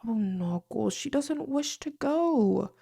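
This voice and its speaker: A woman voicing a hushed, sneering faerie prince. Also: on the high side, lively intonation, slow pace, creaky, breathy edge, pitched above the performer's own voice, full character voice. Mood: scornful. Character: cruel young faerie prince, scornful.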